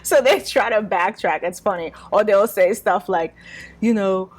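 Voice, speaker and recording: A woman's voice: mid-range voice, big pitch swings, unhurried, soft background music. A young woman hosting a podcast, talking casually and wryly, with lots of "like" and small laughs. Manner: chatty, wry, with frequent "like" and laughs. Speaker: podcast host. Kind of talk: casual advice monologue.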